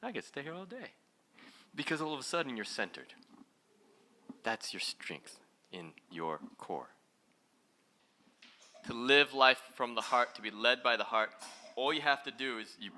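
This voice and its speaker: Bright-voiced, playful male motivational speaker. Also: a little hiss or hum. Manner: playful and animated, with big jumps in pitch and loudness; addresses the audience directly with questions. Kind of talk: live inspirational stage talk.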